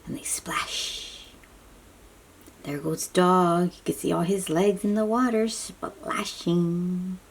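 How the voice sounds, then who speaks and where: Slow breathy woman reading to kids. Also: fairly low pitch, fairly even intonation. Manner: gentle, often dropping to a soft whisper; talks to young listeners, asking questions. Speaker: children's book reader. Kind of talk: reading a picture book aloud.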